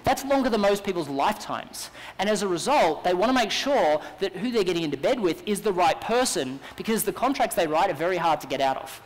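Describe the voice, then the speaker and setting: A man with an Australian accent giving an energetic, persuasive keynote talk at a business conference. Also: high voice, a little fast, hardly any pauses. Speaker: business speaker. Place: large conference hall. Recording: long hall reverb.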